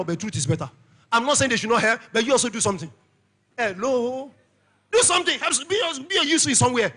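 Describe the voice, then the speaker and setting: A middle-aged Nigerian man preaching a church sermon with a Nigerian accent, shouting lines and calling for the congregation's amens. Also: very high-pitched. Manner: shouting, call-and-response preaching. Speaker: pastor.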